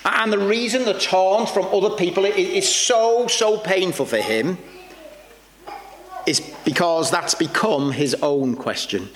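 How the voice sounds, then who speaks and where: A man delivers a sermon in a fairly high voice, earnest and searching, often halting and repeating himself as he reaches for the next phrase. The recording carries a long reverb tail and a faint hiss behind it. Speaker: preacher.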